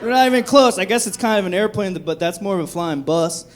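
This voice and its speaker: A man from Texas performing a live stand-up set on a comedy club stage, with profane, dark, self-mocking jokes. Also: high-pitched, animated, fast talker, a little hiss or hum. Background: audience laughter.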